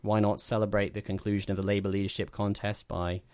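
A man hosting a film podcast in an easygoing, rambling way. His voice sits very low and he jokes in a dry, self-mocking tone. The sound is close and dry. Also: flat delivery, fast talker, darkish tone, no echo. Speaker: podcast host. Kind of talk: casual chat.

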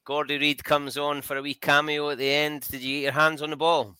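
A man's voice: fairly high pitch, level tone, fairly quick, sharp tone, smooth, no room sound, rough recording. A man hosting a podcast in casual chat, upbeat and teasing. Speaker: podcast host.

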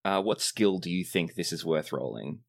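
A man running a tabletop game as game master, narrating scenes in a measured, descriptive way. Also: low-pitched, lively intonation, creaky.

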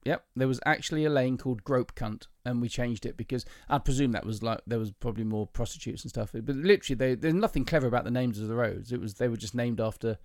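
A man's voice: mid-range voice, fast talker, hardly any pauses, a little mellow, no echo. A man co-hosting a podcast in casual chat, eagerly sharing trivia and laughing as he goes. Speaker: podcast co-host.

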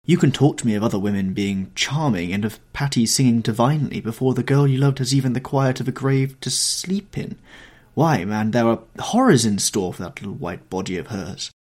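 A man's voice: mid-range voice, lively intonation, a little fast, a little mellow, breathy edge. A man reading the part of an earnest older painter who speaks in a pleading, reproachful way.

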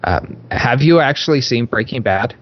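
A man's voice: medium pitch, lively intonation, normal speed. A man co-hosting an interview, speaking in a friendly way and complimenting the guest's work. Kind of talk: casual interview chat. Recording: dull lo-fi sound.

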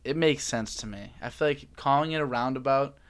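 A man's voice: medium pitch, brisk. A young man hosts a podcast in casual chat, rambling playfully with lots of likes and restarts. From Massachusetts. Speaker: podcast host.

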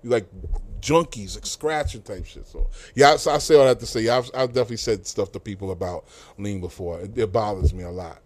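A man's voice: fairly low pitch, brisk, hardly any pauses, darkish tone. A middle-aged man, telling loose, profane stories as a guest in a casual interview, with many fillers and restarts. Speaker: music industry guest.

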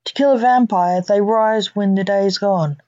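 A woman's voice: mid-range voice, normal speed, warm tone, dry recording, lightly acted. A woman reading as an old vampire-hunting professor. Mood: earnest. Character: jittery older male professor, vampire hunter. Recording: dull lo-fi dry recording.

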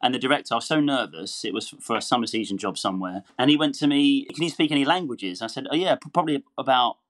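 A man's voice: medium pitch, animated, quick pace, fairly bright tone. A man talking as a podcast guest, telling stories animatedly and laughing easily. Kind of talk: casual interview chat.

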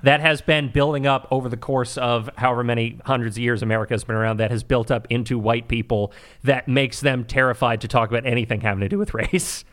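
A man co-hosting a comedy podcast who rambles through his thoughts, with halting restarts and frequent laughs. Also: mid-range voice, steady tone, a bit bright. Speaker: podcast co-host. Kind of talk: casual comedic chat.

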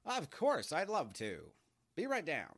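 A man's voice: a little high, huge pitch swings, unhurried, no room sound, clean studio sound, voice pushed up, full character voice. A man voicing an eccentric, cheery male radio newsman in a comedic radio play, with a chirpy, theatrical showman manner.

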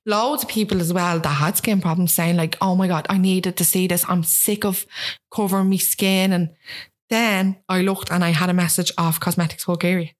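A woman's voice: on the low side, normal speed. A woman around thirty, a guest chatting casually and animatedly, often acting out what other people said. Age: about 30. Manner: animated, acts out quoted voices. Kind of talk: casual chat.

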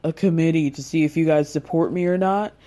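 A woman putting on a slightly lower voice for an indignant woman who demands answers. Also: fairly quick, mellow, close to an everyday voice. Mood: incredulous. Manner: incredulous, indignant.

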